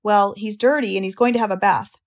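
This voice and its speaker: A woman's voice: mid-range voice, fairly even intonation, fairly quick, close to an everyday voice. A woman doing a bossy farm wife. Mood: firm. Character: bossy farm wife, middle-aged, determined.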